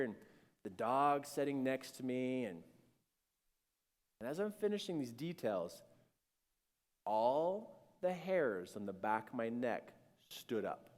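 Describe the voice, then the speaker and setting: Animated man telling a spiritual story. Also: medium pitch, measured pace, pauses often, long reverb tail. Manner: animated, acts out scenes, swings between hushed and shouting.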